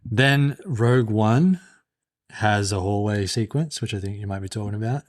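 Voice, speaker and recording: A man's voice: fairly low pitch, moderate pace. A man co-hosting a podcast in casual chat, eagerly explaining movie lore at length. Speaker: podcast co-host.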